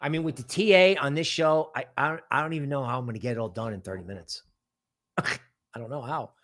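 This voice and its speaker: A man hosting a casual crypto market stream, talking in an animated, rambling way full of asides. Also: medium pitch, fast talker. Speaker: crypto market show host.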